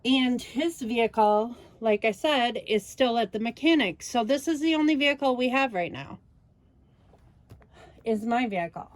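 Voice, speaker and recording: A woman's voice: a little high, lively intonation, normal speed, dry recording, low-quality recording. A woman hosting a craft channel, talking casually in a voice-over while she works. She vents about her frustrations, sighing and laughing ruefully. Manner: venting, retelling with quoted back-and-forth.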